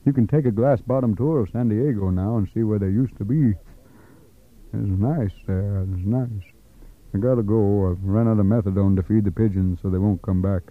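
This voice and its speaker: A confused old wino, wandering from thought to thought with his voice up high, as a man puts him on. Everything sounds tinny and thin, like an old tape over a phone line. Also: normal speed, lightly acted. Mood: rambling.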